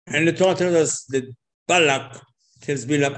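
A man teaches a religious lesson at a moderate pace in a fairly high voice. He tells it like a lively story, acting out the dialogue and repeating words for emphasis.

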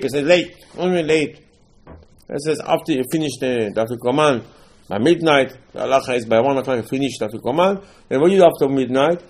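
A man giving a sermon as a rabbi, telling stories and acting out their dialogue, with sudden loud bursts and quiet asides, and Hebrew terms mixed into his English. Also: on the high side, fast talker, slight background noise. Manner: animated storytelling, acts out dialogue, swings between loud emphasis and quiet asides; sprinkles Hebrew terms into English, nonstandard grammar.

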